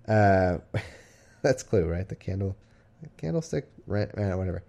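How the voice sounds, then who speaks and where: A man's voice: on the low side, expressive, moderate pace, mellow. A man hosting a comedy podcast, reading archaic Bible verses aloud and breaking off into sarcastic, irreverent asides. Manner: reads archaic verse then riffs casually. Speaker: podcast host.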